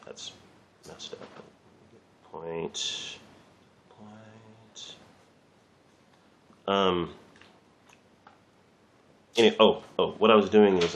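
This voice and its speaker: Gravelly, deep-voiced man, chatty art teacher; faint room noise. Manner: rambling, chatty, swears lightly, laughs at himself. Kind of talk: casual drawing lesson.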